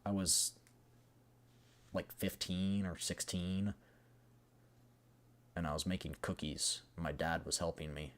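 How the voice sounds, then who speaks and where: A man's voice: low voice, fairly even intonation, slow pace, long pauses, fairly bright tone. A man commenting casually during a live stream, rambling and sarcastic, with lots of fillers.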